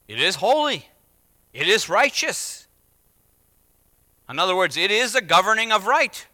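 A middle-aged man preaching a sermon, swinging from hushed, intimate phrases to loud, emphatic declarations. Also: sits high, big pitch swings, normal speed, long pauses, no echo. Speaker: pastor.

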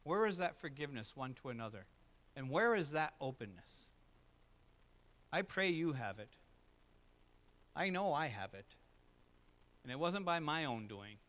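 A middle-aged man preaching a sermon as pastor, moving between loud emphatic lines and low, quiet asides. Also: sing-song, measured pace, pauses often.

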